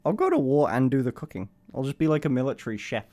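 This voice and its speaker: A male streamer talks casually to chat between bursts of cooing at a small puppy. His voice swings widely in pitch, and his usual tone is dark and mellow. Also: big pitch swings, quick pace, few pauses. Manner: coos to a puppy in a high baby voice.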